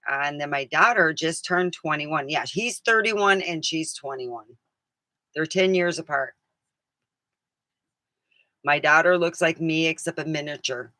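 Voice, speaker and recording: Middle-aged woman vlogger, chatty and rambling, laughs a lot, bright voice on a dry recording. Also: sits low, unhurried, pauses often, no echo. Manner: chatty, laughs often, acts out quotes. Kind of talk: casual rambling chat.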